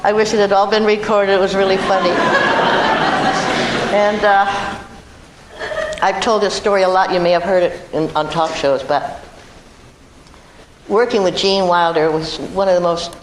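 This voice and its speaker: A woman's voice: mid-range voice, steady tone, moderate pace, long pauses. An older woman from Iowa, a guest actress telling chatty, self-amused stories to a live audience. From Iowa, USA. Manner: chatty, self-amused anecdotes with frequent laughs. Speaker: guest actress at a film event. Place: large hall before an audience. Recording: echoey hall with loud noise.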